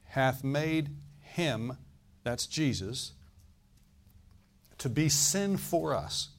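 A man's voice: mid-range voice, animated, drawn-out words. Guy preaching in church, folksy, laughs a lot, keeps asking the crowd questions. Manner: folksy, laughing asides, rhetorical questions to the congregation. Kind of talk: sermon. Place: church service.

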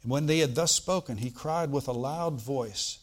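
A man preaching a sermon, reading scripture aloud and explaining it, swinging from loud bursts to quiet asides. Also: medium pitch, moderate pace. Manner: animated preaching, bursts loud on quoted lines then drops quiet; reads old-style scripture, asides with "all right?".

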